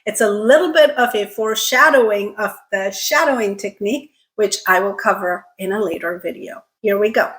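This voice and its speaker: A woman teaching English pronunciation in an online lesson, speaking clearly and carefully and often checking in with the viewer. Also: medium pitch, normal speed, few pauses, over music, poor audio.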